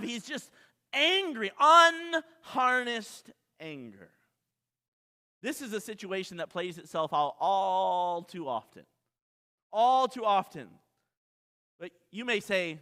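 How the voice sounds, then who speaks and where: A man's voice: sits high, lively intonation, unhurried, pushed and bright. A male pastor preaching a sermon with emphasis, repeating key lines and asking the congregation questions. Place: church sanctuary. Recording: long reverb of a large hall.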